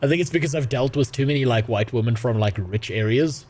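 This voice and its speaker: A man's voice: medium pitch, quick pace, darkish tone. Young man, streamer, casual gaming chat, crude, sarcastic, laughing rants.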